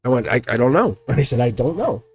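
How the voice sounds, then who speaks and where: A man giving a casual, rambling tarot reading, talking excitedly and directly to the viewer. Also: mid-range voice, fast, breathy edge. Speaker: tarot card reader.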